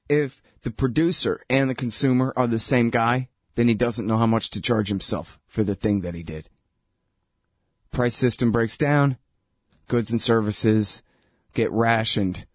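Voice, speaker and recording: Brief: sardonic man, mid pitch, dry close sound, casual political rant. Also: no echo. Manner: irreverent, sardonic, laughs at his own points; filler-heavy, says dude and man.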